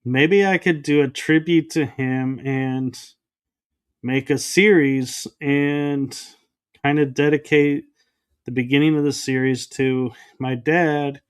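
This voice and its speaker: Male podcast guest, slow and measured, smooth clear voice, acts out quotes. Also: mid-range voice. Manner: animated, acts out quoted dialogue. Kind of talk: casual storytelling interview.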